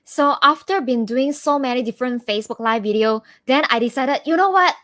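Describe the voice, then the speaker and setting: A woman's voice: high voice, a little fast, fairly bright tone, dry recording, studio quality. A woman guest answering in an interview, with an eager, upbeat manner.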